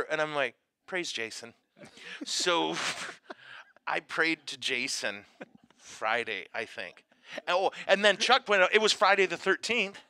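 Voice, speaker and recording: Animated, joking priest with bright tone. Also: male voice, a little high, no room sound. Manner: animated, self-mocking, bursts into loud laughter and silly voices. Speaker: priest and show host. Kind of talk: casual comedic chat.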